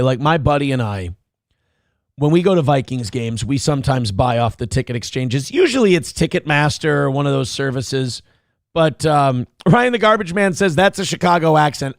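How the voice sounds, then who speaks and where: A male morning show host riffs on the news in a crude, mocking way, swearing freely. His voice sits high for a man. The sound is dry and close, with no room around it. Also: animated, normal speed, no room sound. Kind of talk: profane comedic news commentary.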